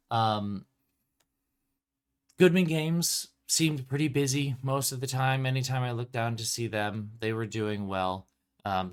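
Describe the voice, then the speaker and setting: A man in casual livestream chat with an ordinary mid-range pitch. He rambles loosely, leaning on "um" and "like" and breaking into laughs between thoughts. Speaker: tabletop game publisher and show host.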